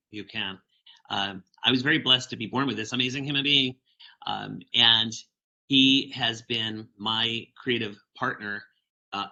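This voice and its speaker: A man giving a storytelling keynote talk, animated as he reads from a picture book to the audience. His voice is very bright and forward, at a middle pitch. The recording sounds slightly dull and lo-fi. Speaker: keynote speaker.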